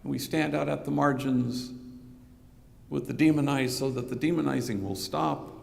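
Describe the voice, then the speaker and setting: A priest giving a conversational keynote speech, telling stories in an anecdotal manner with a bit of slang. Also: male voice, mid-range voice, moderate pace, creaky. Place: conference hall. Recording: reverberant hall recording.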